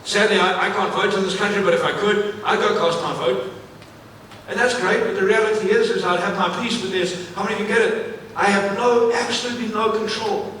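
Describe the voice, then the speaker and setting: A man from Africa giving an energetic live keynote speech on stage, repeating phrases and putting questions to the audience. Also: sits high, a little fast, slight background noise. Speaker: motivational speaker. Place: large event venue, on stage. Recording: echoey hall, mic at a distance, faint ambience.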